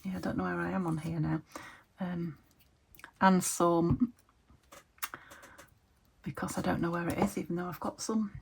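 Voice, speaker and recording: A woman's voice: fairly low pitch, steady tone, moderate pace, vocal fry, long pauses, a little hiss or hum. A woman from the UK chatting casually to her viewers while she crafts at her desk at home, talking to herself and hunting for words. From United Kingdom. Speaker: craft vlogger.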